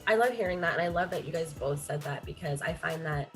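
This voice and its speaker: A woman's voice: low voice, quick pace, soft background music. A woman with a Pacific Northwest accent hosting a podcast, chatting casually with lots of fillers. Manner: chatty, many fillers, laughs easily. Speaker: podcast host. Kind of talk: casual chat.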